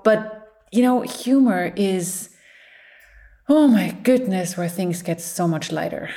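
Lowish-voiced lady psychologist doing a motivational talk, jokey, laughs a lot, keeps cheering you on. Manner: playful and expressive, laughs often; encouraging, speaks in loose flowing phrases. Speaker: psychologist and speaker.

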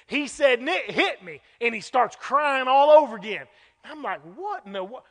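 A man preaches in a very high, bright voice. His folksy, animated storytelling lifts into shouts at key moments. The sound carries a long reverb from a large hall. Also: normal speed. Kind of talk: sermon with storytelling.

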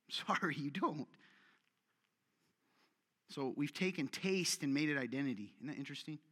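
A man's voice: a little high, expressive, unhurried, pushed and bright. A male pastor preaching a conversational sermon, joking with his audience and acting out the voices he quotes. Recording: long hall reverb.

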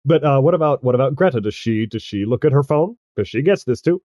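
A man's voice: medium pitch, expressive, quick pace, dark tone, no echo, lo-fi sound. A man narrating as game master of a tabletop game, hesitant and often restarting, with laughs.

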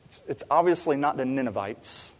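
A man preaching a sermon in a church, animated, swinging between loud emphasis and quiet asides. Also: medium pitch, moderate pace. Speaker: pastor. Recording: long reverb in a large hall.

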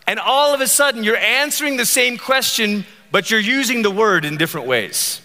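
A man preaching a sermon as pastor, animated and joking, acting out the voices he quotes. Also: sits high, normal speed, hardly any pauses, big-room sound.

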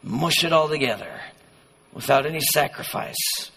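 A youth pastor preaching a conversational, passionate sermon in a church hall. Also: male voice, fairly high pitch, moderate pace, vocal fry, pushed and bright, breathy edge. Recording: long hall reverb.

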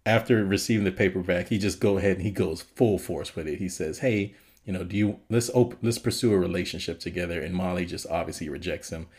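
Male podcast co-host, lower register, easygoing scene-by-scene recap. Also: fairly quick, darkish tone. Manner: retells scenes with frequent laughter. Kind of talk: casual film review chat.

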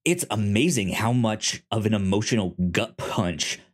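Lively low-voiced man stammering in chat. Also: a little slow. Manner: animated, stammers on word starts; acts out quotes in a high voice. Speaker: podcast co-host. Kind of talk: casual chat.

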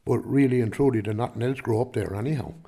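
A man's voice: medium pitch, fast talker, gravelly, warm tone, a little hiss or hum. A man with a Kilkenny Irish accent, a farmer answering interview questions in a rambling, chatty way, full of restarts and "do you know what I mean". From Ireland.

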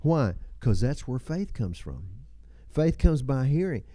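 An older man in his seventies delivers a sermon in a mellow, warm voice. He tells stories in a folksy way, chuckling and dropping personal asides, and the sound is dry and close. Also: mid-range voice, very animated, measured pace, dry recording. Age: 70s. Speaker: pastor.

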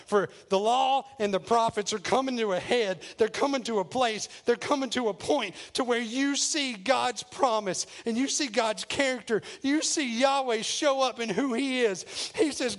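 A male pastor preaching a sermon, retelling scripture in plain words and dropping to a low, quiet voice for emphasis. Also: moderate pace, few pauses. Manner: paraphrases scripture in plain modern speech.

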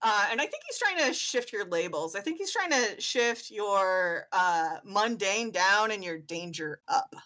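A woman's voice: mid-range voice, expressive, measured pace, hardly any pauses, pushed and bright. A woman game master narrating a tabletop role-playing game, chatty and giggly with lots of fillers.

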